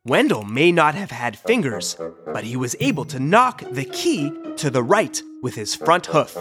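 A woman narrating a children's storybook in an expressive, animated read-aloud manner. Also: deep voice, measured pace, music in the background.

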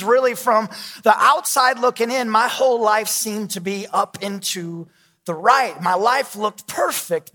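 A man's voice: high-pitched, fairly bright tone, big-room sound. A man in his thirties, a pastor, preaching a sermon with candid, self-deprecating storytelling.

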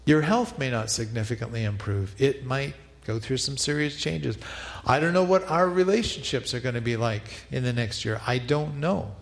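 A man's voice: medium pitch, normal speed, gravelly, in a large hall. A man preaching a reflective New Year sermon as pastor, leading listeners in repeated prayer.

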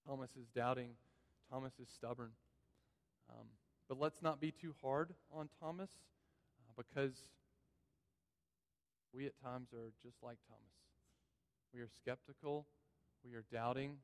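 A man's voice: mid-range voice, steady tone, a little slow, long pauses. Earnest preacher man in a reverberant church. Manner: earnest, repeats phrases for emphasis. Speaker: pastor. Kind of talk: sermon. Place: church sanctuary. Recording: long reverb of a church hall.

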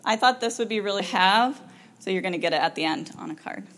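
A counselor gives an informal talk to parents, talking fast in a mid-range voice. She's chatty and animated, full of ums and laughs, and acts out the lines parents and children say.

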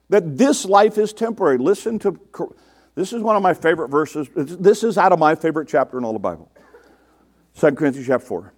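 A man with a high, light voice preaches a sermon in an easy, conversational way. He asks his listeners questions and answers them himself, and he mimics the complaints of the people he quotes. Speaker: pastor.

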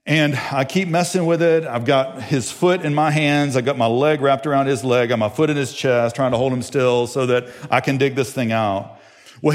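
A man preaching a sermon as pastor, telling a family story, his voice climbing in excited stretches and falling to soft, near-whispered ones. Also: mid-range voice, brisk. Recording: long hall reverb.

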